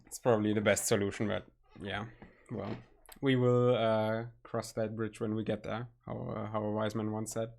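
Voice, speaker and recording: A man with a German accent, a native German speaker, chatting casually on a stream, halting and searching for his words. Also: lowish voice, flat delivery, creaky, a little mellow. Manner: halting, searching for words, nervous self-conscious laughs.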